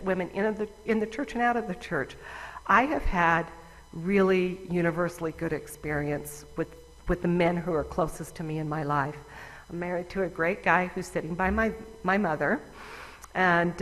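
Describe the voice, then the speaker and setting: A woman's voice: lowish voice, fairly bright tone. A woman giving a conversational, wry personal talk to a conference audience. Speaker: conference speaker. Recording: long reverb of a large hall.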